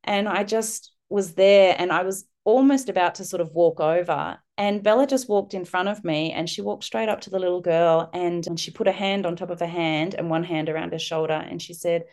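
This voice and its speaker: Low-voiced woman telling a story. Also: moderate pace, few pauses. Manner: warm, animated storytelling, acting out children's voices. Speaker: guest, parenting instructor. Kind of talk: podcast interview storytelling.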